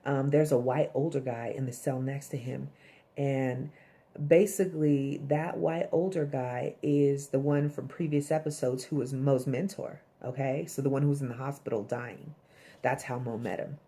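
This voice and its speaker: Low, mellow-voiced woman recapping a show. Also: steady tone, moderate pace. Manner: chatty, blunt, swears, acts out characters' lines. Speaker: TV episode reviewer. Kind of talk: casual episode recap.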